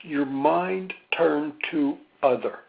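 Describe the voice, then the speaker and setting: Man, webinar speaker, reflective, slightly high voice, tinny phone sound. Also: slow pace, creaky. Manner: gentle, reflective, with many ums. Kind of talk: slow, thoughtful webinar talk.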